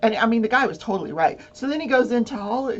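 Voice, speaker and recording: Talking fast with an animated, slightly high voice, a woman hosting a casual talk show spins a long story, laughing often and using plenty of fillers. Dull lo-fi sound with a faint hum underlies it.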